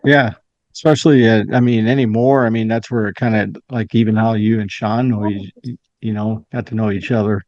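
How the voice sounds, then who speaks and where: A man with a fairly low voice hosts a casual podcast chat, telling stories in a relaxed way and cursing often. The recording is dull and lo-fi with a dry sound and no room echo. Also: a little fast. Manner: laid-back storyteller, swears freely. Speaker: podcast host.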